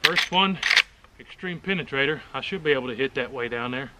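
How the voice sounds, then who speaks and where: Folksy, bright-voiced man shooting outdoors. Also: medium pitch, lively intonation, fast talker, a little hiss or hum. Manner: folksy, joking, enthusiastic. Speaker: firearms video host. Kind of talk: casual shooting demonstration. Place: outdoors at a rural shooting range. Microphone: action camera.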